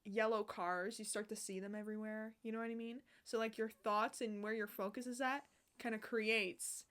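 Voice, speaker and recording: A young woman chatting casually to camera as a vlogger, bubbly and swearing a lot, with bursts of loud laughter and whispered asides. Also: fairly high pitch, fairly even intonation, normal speed, clean tone.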